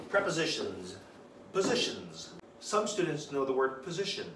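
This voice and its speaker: A man who teaches English, explaining a flashcard lesson plan with clear, deliberate enunciation and a patient teaching tone, switching between English and Japanese phrases. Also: medium pitch, roomy sound, far from the mic, noisy background.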